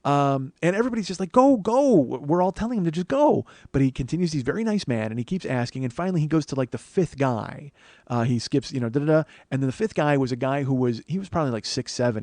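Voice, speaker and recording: On his comedy podcast, a man tells a rambling, profane story packed with sarcastic asides in a casual monologue. His voice is medium-pitched and darkish, recorded dry.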